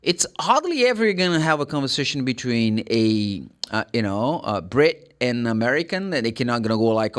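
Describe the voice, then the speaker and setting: A man with a Brazilian Portuguese accent teaching English pronunciation, repeating words slowly to model the sounds and often correcting himself. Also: medium pitch, big pitch swings, fairly bright tone, clear, resonant tone. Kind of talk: pronunciation lesson.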